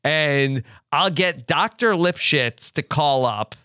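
Guy hosting a tv recap podcast, smooth voice, kinda high, cracks up a lot. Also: animated, pushed and bright, no echo, clean studio sound. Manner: jokey, laughing, halting with fillers. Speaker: podcast host. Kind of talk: casual recap chat.

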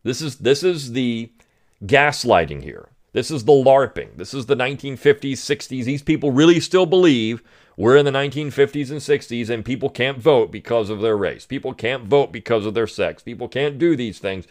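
A man's voice: mid-range voice, animated, moderate pace, darkish tone. A man hosting a political commentary podcast, talking in a sarcastic, mocking way. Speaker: podcast host.

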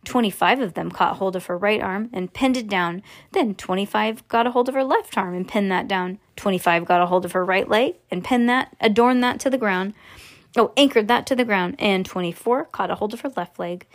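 A woman reading a children's book aloud to a child, expressive with small slips and self-corrections. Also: medium pitch, a little fast.

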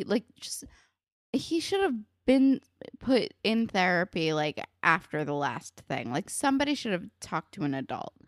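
A young woman talks about a show in casual chat, her pitch swinging widely as she vents. She gives exasperated, sarcastic commentary. The recording is dry and close. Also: dry recording.

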